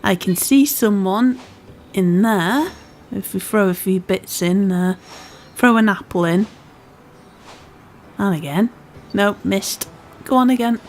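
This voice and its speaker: A woman's voice: mid-range voice, takes it slowly, a little mellow, a little hiss or hum. A woman with a part Scouse, part Welsh accent, casually commentating a game she is playing, chatty and self-deprecating. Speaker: gaming channel host. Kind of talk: casual let's-play commentary.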